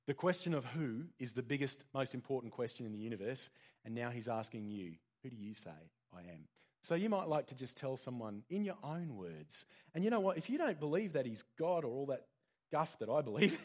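A man preaching an interactive sermon in a church, joking and putting questions to the congregation. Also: on the high side. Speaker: pastor.

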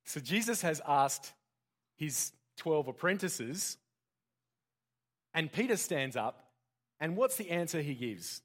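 A man's voice: on the high side, big pitch swings, takes it slowly, long pauses. A man preaching an interactive sermon in a church, joking and putting questions to the congregation. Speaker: pastor.

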